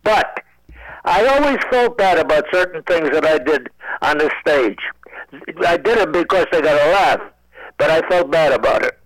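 Old guy in his 90s cracking dry jokes from home, stammers and restarts a lot, pretty high voice. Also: expressive, moderate pace, a bit bright, dry recording, poor audio. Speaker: comedian guest. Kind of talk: joking radio interview.

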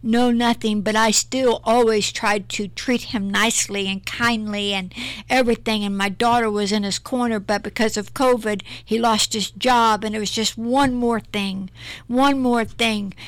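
A woman's voice: a little high, no room sound. A middle-aged woman minister giving an earnest, emotional personal testimony in an interview, often repeating herself.

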